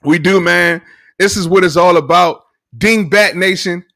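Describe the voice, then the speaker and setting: A man co-hosting a casual sports talk stream, animated and enthusiastic. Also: sits high, a little slow, gravelly, dry recording, studio quality. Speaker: podcast co-host.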